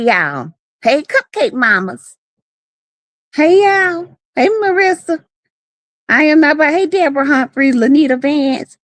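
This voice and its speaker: Sassy woman for a live-stream chat, high voice that swings all over, dry close sound. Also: no room sound. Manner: sassy, playful, greets viewers by name.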